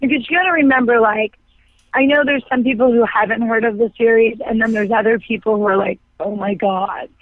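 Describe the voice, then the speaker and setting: A woman's voice: fairly high pitch, fairly even intonation, quick pace, no room sound. Woman, 30s, phone-in interview guest. Chatty, filler-heavy storyteller. Thin, dry phone-line sound. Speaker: guest actress. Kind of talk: casual interview chat.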